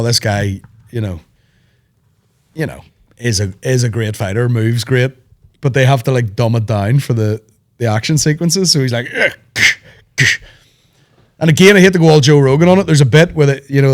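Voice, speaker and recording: Sweary podcast host. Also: male voice, mid-range voice. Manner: animated, sweary, rambling banter. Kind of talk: casual chat.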